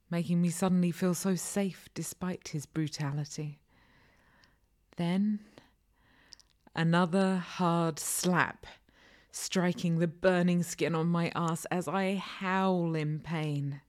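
A woman with a low voice reads an intimate audio story in the first person. She takes her time, and much of the telling drops into a breathy half-whisper. The delivery stays close and hushed. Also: fairly even intonation, takes it slowly. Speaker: narrator.

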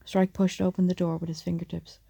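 A woman reads an audiobook at a measured, steady pace. Her voice is very dark and gravelly, and she sits low with a flat, even delivery. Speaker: audiobook narrator. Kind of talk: audiobook narration.

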